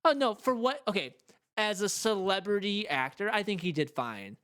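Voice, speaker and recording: A man's voice: high voice, animated, moderate pace, a bit bright, clear, resonant tone. A man co-hosting a podcast in casual chat, loosely trailing off mid-sentence. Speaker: podcast co-host.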